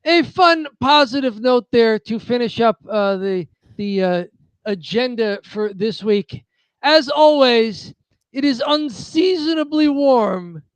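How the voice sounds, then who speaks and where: An American man co-hosts a wrestling podcast in a remarkably high, smooth voice. He rambles through his segments with plenty of filler, and the sound is dry and close. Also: expressive, slow pace, dry recording. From United States. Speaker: podcast co-host. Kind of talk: casual chat.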